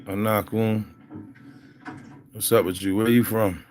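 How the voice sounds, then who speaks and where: A man's voice: lowish voice, little pitch movement, a little slow, a little mellow, a little hiss or hum. A young man from Philadelphia with a Philly accent, rambling casually and talking straight to viewers on his livestream. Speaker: livestream host.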